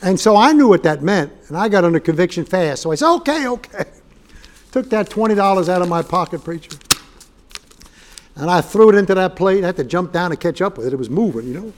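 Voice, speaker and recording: Male guest preacher, high-pitched, storytelling sermon full of jokes and acted-out quotes. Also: quick pace. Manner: humorous, acts out quoted dialogue.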